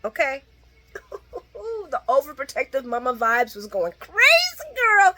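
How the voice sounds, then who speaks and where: Woman soap recapper, chatty and animated, swears freely, talks to her fans. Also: high-pitched, a little slow, pauses often, soft background music. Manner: animated, profane, talks to viewers; quoting characters mid-story. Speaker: soap opera recap vlogger. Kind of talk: casual recap chat.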